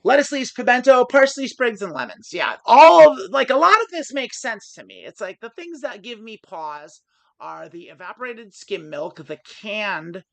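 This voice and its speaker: A podcast co-host chatting casually, teasing and animated. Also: medium pitch, moderate pace, gravelly, no room sound. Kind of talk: casual chat.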